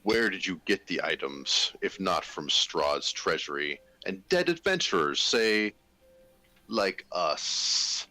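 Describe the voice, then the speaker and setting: A man playing a tabletop game, speaking in an animated, theatrical way. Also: low-pitched, slow, no room sound, poor audio. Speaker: player.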